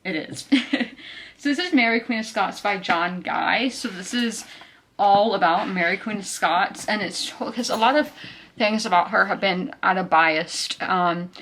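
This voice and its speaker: A woman's voice: mid-range voice, measured pace, a bit bright. A woman, a bit out of breath, chatting and rambling casually in a book vlog. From South Carolina. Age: 20s. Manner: chatty and rambling, full of fillers. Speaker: book vlogger. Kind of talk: casual chat.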